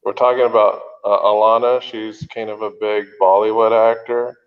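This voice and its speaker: Male co-host, low pitch, relaxed and halting; long reverb, dull audio. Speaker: podcast co-host. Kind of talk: casual chat.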